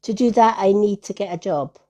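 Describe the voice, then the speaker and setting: A woman's voice: medium pitch, brisk, warm tone, highs cut off. A woman hosting a live card reading stream, talking in a soothing, affectionate way and calling listeners honey and lovely.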